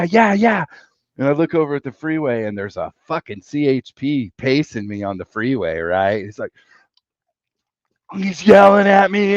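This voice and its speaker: Low-voiced, profane middle-aged storyteller. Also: male voice, dry recording, muffled recording. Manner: rambling, profane, animated storyteller. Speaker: podcast host. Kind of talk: casual chat, storytelling.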